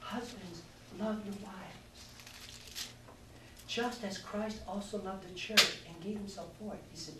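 A man in the middle of his life preaches to a conference crowd. He tells an honest, self-mocking story and stops now and then to speak to the listeners. The mic sits far off in a roomy hall, with steady noise underneath. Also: high-pitched, unhurried. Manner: candid, self-mocking storytelling with audience asides. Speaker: pastor. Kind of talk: sermon. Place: large hall at a youth conference.

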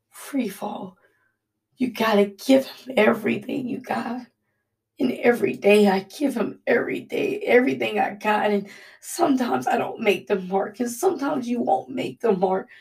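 A woman giving a heartfelt spoken devotional in an earnest, halting, emotional way. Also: on the high side, gravelly, a little mellow, distant mic. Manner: Southern-style "y'all". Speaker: devotional speaker.

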